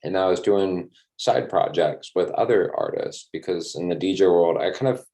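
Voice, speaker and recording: Male guest, 30s, low mellow voice, easygoing storyteller with filler words. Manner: relaxed, rambling, with frequent ums and casual swearing. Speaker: tour manager guest. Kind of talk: casual interview storytelling.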